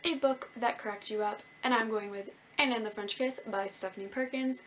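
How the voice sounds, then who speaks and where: Young woman from Canada, book vlogger, high-ish voice, bubbly and self-mocking, faint hiss on the recording. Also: fairly even intonation, brisk. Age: young adult. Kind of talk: casual chat to camera.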